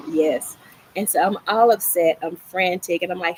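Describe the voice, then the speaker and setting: A middle-aged woman hosting a gardening livestream, telling a story in a casual, animated way and acting out the lines she quotes. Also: normal speed, a little hiss or hum, low-quality recording. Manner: animated, acts out quoted lines with rising pitch. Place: small home patio garden, outdoors.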